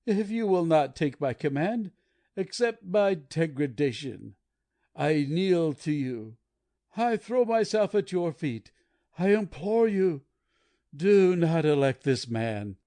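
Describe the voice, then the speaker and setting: Woman doing a desperate young anarchist guy, begging and passionate, slow and dark-toned. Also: low-pitched, big pitch swings, voice pushed down, heavily acted. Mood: impassioned pleading. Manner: impassioned, pleading. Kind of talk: audiobook character reading.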